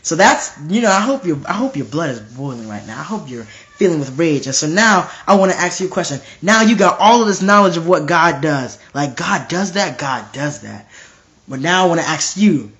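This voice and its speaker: A man's voice: on the high side, animated, moderate pace, fairly bright tone, dull audio. A young man preaching informally to a live stream, emphatic and repetitive, often restarting his phrases.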